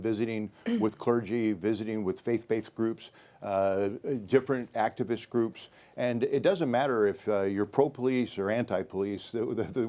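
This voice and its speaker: A man's voice: fairly low pitch, dark tone. An older man answering in a political debate, earnest and thinking aloud, sometimes repeating words as he searches. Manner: earnest, repeats words while finding them. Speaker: sheriff candidate.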